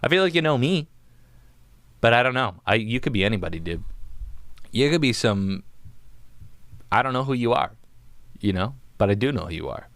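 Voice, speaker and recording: A man's voice: mid-range voice, big pitch swings, moderate pace, long pauses, fairly bright tone, dry recording. A young man hosting a casual solo podcast from his home music studio, rambling and joking, with "dude" in nearly every other line. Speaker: podcast host.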